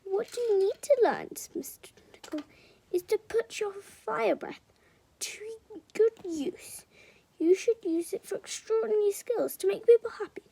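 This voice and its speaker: A small cheerful man from a children's picture book speaks brightly and eagerly, voiced by a woman reading aloud. His voice sits high and bounces around in pitch. The pace is unhurried. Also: expressive, gravelly, heavily acted. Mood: teaching.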